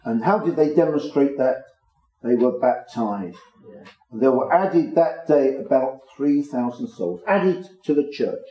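Male preacher, measured Bible teaching, mellow tone, echoey room. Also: medium pitch, expressive. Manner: measured, explanatory, stresses key words. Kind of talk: Bible teaching to a small congregation. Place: room with a small gathering.

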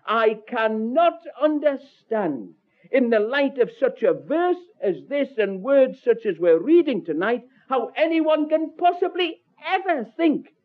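Brief: male preacher, high lively voice with big swoops, tinny phone-like sound. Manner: swooping pitch, drops low and soft at line ends, slows on scripture. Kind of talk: sermon with storytelling.

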